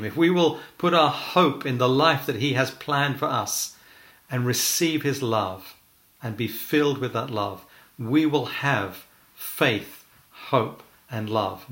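A middle-aged man preaches a personal testimony in an earnest, measured way. His voice sits at an ordinary pitch, and he slows down to press home key phrases. The recording has a roomy echo. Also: a bit bright. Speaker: church leader. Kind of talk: testimony sermon.

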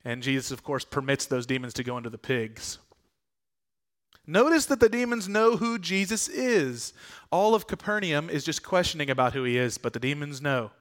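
Male pastor, conversational earnest sermon delivery, slightly raised pitch. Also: lively intonation, normal speed. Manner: conversational, earnest preaching with rhetorical questions.

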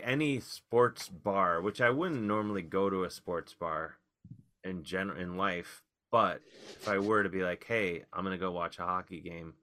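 A man, a comedian guest, telling rambling, wry stories in casual podcast chat with animated outbursts. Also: low voice.

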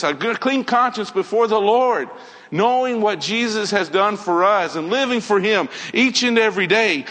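Man preaching, high voice, earnest, says things twice, big echoey hall. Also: pushed and bright. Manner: earnest, repetitive emphasis, quoting scripture. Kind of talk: sermon. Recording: long hall reverb.

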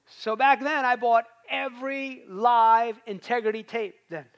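A man's voice: very high voice, a little slow, fairly bright tone, muffled recording. A man preaching a sermon in a conversational way, rising to emphatic peaks.

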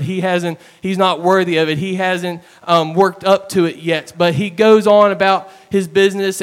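A man delivers a sermon in a fairly high, smooth and clear voice. He tells his stories in an earnest, plain way, sometimes slowing down for weight. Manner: earnest storytelling with plain retellings. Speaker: preacher.

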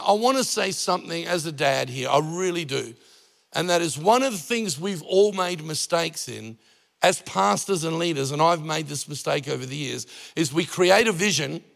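Gravelly pastor preaching. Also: male voice, a little high, a bit bright, big-room sound. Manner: conversational preaching with jokes and acted-out anecdotes. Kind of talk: sermon.

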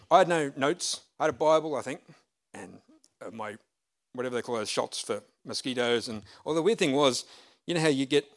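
A man's voice: mid-range voice, fairly bright tone. A middle-aged man, a pastor, telling a story in a sermon in a chatty, self-deprecating way. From Australia. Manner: chatty and self-deprecating, with frequent restarts and laughs.

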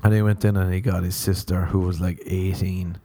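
A man's voice: low voice, flat delivery, brisk, mellow, no echo. An Irish man who does stand-up, telling profane, playful stories in a casual rambling podcast monologue while sunburnt. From Ireland. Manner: profane, playful storytelling with mocking quoted voices. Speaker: comedian podcast host.

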